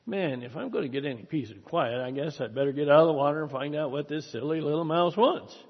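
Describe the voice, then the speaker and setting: Preacher doing a drawling, fed-up elephant, dull and muffled. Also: male voice, on the high side, quick pace, breathy edge. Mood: resigned. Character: huge weary male elephant. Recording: dull recording in a reverberant hall.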